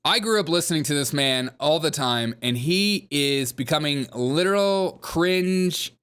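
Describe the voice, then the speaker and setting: A man's voice: a little high, animated, unhurried, fairly bright tone, smooth. A man hosting a comedy news commentary show, talking sarcastically and mocking the people he discusses. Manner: sarcastic, mocking, puts on whiny quoted voices.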